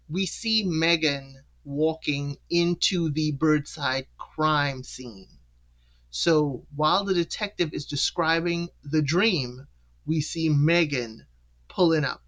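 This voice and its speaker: A show host chatting through an episode recap in a loose, casual way. The voice leaps up in pitch to act out each character's lines and drops back down for the storytelling, with laughs between points. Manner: animated, acts out the characters' lines with pitch jumps.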